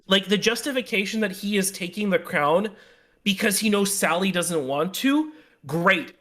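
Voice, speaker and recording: A man co-hosting a podcast in casual chat, ranting with heat and swearing, his loudness and speed swinging as he talks. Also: sits high. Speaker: podcast co-host. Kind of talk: casual comic review chat.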